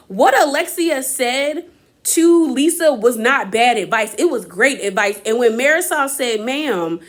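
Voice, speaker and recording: A woman, giving an opinionated, chatty recap of a reality show and acting out quotes from the cast. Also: fairly high pitch. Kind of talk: casual recap commentary.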